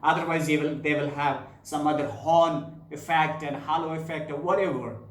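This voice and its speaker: Brief: man, slightly high voice, HR tips with many fillers, roomy echo. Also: fairly even intonation, moderate pace. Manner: repetitive, fillers, demonstrates gestures. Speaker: HR advice presenter. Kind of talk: advice talk to camera.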